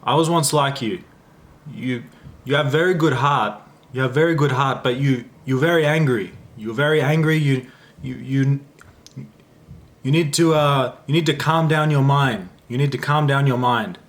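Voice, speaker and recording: A man voicing a calm middle-aged male monk who speaks gentle broken English and repeats himself. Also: medium pitch, moderate pace, lightly acted.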